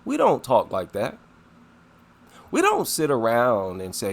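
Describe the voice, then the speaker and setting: A man delivering reaction commentary in an unhurried, deliberate way. His pitch rises and falls widely as he presses his points, and his tone is scornful and indignant. He repeats lines for emphasis. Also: huge pitch swings, gravelly. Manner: emphatic, repeats himself for effect.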